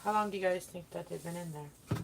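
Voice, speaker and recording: A chatty woman rambling through a casual baking livestream in her home kitchen, her voice gravelly with vocal fry. Clear background noise runs under her talk. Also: fairly low pitch, fairly quick. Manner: chatty and rambling, talking to viewers and her kitten. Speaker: livestream host. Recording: noisy background.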